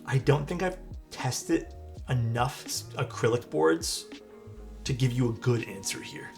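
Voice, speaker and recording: A man's voice: medium pitch, measured pace, creaky. Laid-back Canadian man streaming live. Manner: relaxed, chatty, answers chat questions. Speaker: streamer building a keyboard. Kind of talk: casual live-stream chat. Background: faint music.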